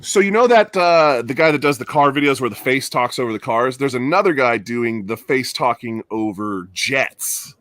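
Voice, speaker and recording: A man's voice: mid-range voice, lively intonation, a bit bright, no echo. A man hosting a casual podcast, telling stories in a chatty way and laughing easily. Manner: chatty storyteller, quick to laugh. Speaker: podcast host. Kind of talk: casual chat.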